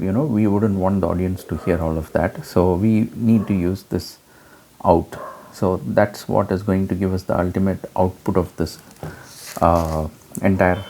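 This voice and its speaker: A man explaining an audio mixer in a relaxed hands-on demo, with frequent fillers. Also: deep voice, slight background noise. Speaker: gear reviewer.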